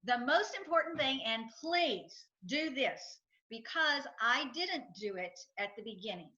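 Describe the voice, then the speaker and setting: Speaking slightly slowly, this middle-aged financial advisor and entrepreneur guests on an interview, telling stories full of acted quotes and hammering her points home through repetition. Her high voice sounds animated and sharp. The highs in the audio are cut off.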